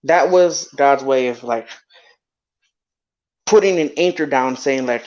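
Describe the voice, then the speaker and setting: A man's voice: mid-range voice, slow, long pauses. A young man telling a personal story in casual talk, rambling with many fillers and restarts. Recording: dull lo-fi sound.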